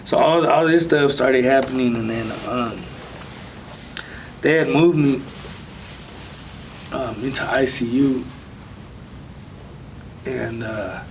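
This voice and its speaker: A man speaking as an interview guest, telling a personal testimony in a soft, halting way with many pauses. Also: mid-range voice, recorded from a distance, noisy background.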